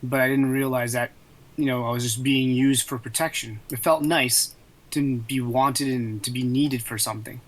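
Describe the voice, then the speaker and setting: A man playing a tabletop game, speaking in character with an earnest, deliberate manner. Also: mid-range voice, steady tone, low-quality recording. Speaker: player.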